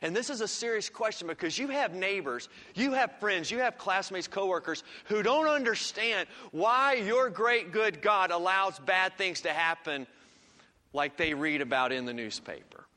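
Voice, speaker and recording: A man preaching a sermon, swinging from loud emphatic lines to hushed ones. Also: high-pitched, lively intonation, moderate pace. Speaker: pastor. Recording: long reverb of a large hall.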